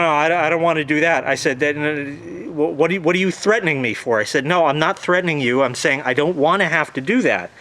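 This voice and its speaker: A fed-up man tells his story with plenty of profanity and a voice sitting slightly higher than most men's. He talks loosely and casually, slipping into quoted back-and-forth as he retells who said what. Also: a bit bright, a little hiss or hum. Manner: swears freely, retells dialogue in quotes. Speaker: vlogger.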